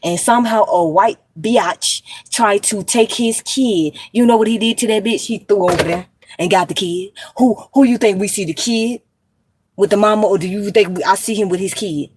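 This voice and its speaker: A woman's voice: mid-range voice, normal speed, a little mellow, slightly rough, no echo. Profane rambling woman, dry close sound. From United States. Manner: profane, rambling, stream-of-consciousness, addresses viewers as y'all. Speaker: vlogger. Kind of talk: rambling monologue to camera.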